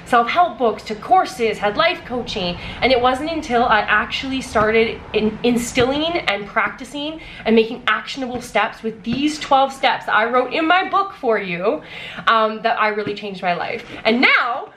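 A young adult woman vlogging as an author, gushing and breathless with excitement as she talks and reads aloud. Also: fairly high pitch, moderate pace, a little hiss or hum. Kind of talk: excited vlog unboxing and reading aloud.

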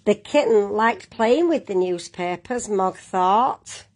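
A woman reading a children's picture book aloud at a slow, careful pace. Her voice is husky and breathy, gentle, and she turns now and then to the young listeners. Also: medium pitch, lively intonation. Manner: gentle, with asides to young viewers. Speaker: storyteller.

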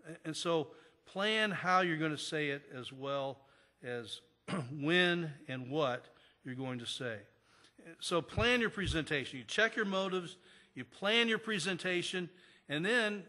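A pastor preaching a sermon in an earnest manner, repeating key phrases for emphasis. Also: male voice, a little high, bright, forceful tone. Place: church sanctuary. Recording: long church reverb.

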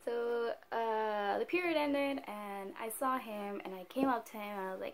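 Chatty teen girl with a high voice. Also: a little fast, creaky, few pauses. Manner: chatty, animated, heavy use of "like". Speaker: vlogger. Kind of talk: casual storytime.

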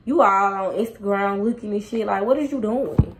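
A young woman casually telling a storytime to her viewers, animated and slangy, talking straight to them. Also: mid-range voice, moderate pace, background noise. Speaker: storytime vlogger.

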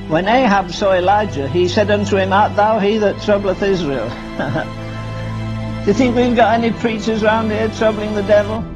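A man preaching a sermon, firing rhetorical questions at the congregation and acting out Bible scenes in dialogue. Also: high-pitched. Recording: dull lo-fi sermon recording with faint music.

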